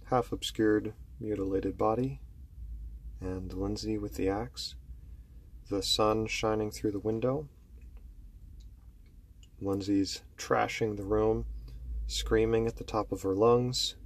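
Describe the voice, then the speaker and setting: A man telling a horror story slowly and dramatically, dropping low and hushed to build tension. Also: fairly even intonation.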